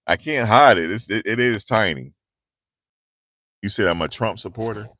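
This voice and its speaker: Speaking at a moderate pace, this man has a lowish voice with a sharp tone. He hosts a livestream, casually joking with viewers and reading and responding to chat through a handheld lavalier clip mic, and he comes from the tri-state area around New York.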